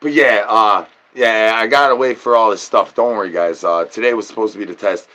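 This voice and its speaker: A man's voice: fairly low pitch, brisk, bright, forceful tone. Goofy man rambling in sing-song slang. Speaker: livestreamer. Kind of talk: rambling livestream chat.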